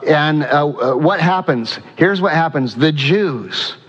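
A pastor preaching a sermon to a congregation, reading scripture aloud and asking the people questions. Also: male voice, a little high, expressive, slow, breathy edge. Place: church sanctuary. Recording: dull sound in a reverberant church hall.

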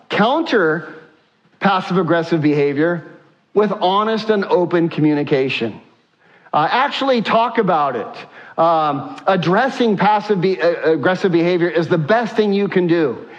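A man's voice: high voice, lively intonation, a little slow, dull audio. A man preaching a sermon as a pastor, emphatic and repetitive, with many fillers. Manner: emphatic, repeats points, frequent "uh" fillers.

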